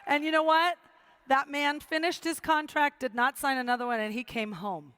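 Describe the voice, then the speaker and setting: A woman's voice: high-pitched, steady tone, moderate pace, pushed and bright, no echo. A middle-aged woman giving a motivational speech to a live audience, telling her story with quoted dialogue and emphatic repetition. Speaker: motivational speaker.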